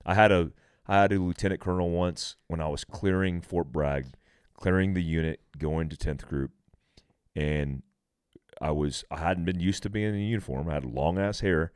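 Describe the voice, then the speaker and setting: Deep-voiced man telling blunt stories. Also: moderate pace, clean tone, no room sound, studio quality. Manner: animated, profane storytelling. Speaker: guest, military veteran. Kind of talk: casual podcast conversation.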